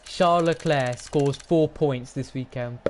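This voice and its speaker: A young man, commentating his racing game on a live stream, excitable and rambling as he talks to chat. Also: medium pitch, measured pace, noisy background.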